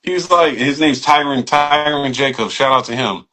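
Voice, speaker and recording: Bright-voiced man telling stories. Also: mid-range voice, moderate pace. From San Jose, California. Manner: animated, profane, acts out quoted speech, many fillers like "you know what I mean". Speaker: podcast guest, barber. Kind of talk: casual storytelling conversation.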